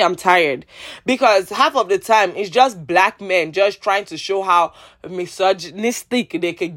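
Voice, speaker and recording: A woman with a Nigerian accent, delivering a heated, exasperated rant as a vlogger, with sarcastic jabs and repeated pleas, swinging between loud outbursts and low mutters. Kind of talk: rant vlog.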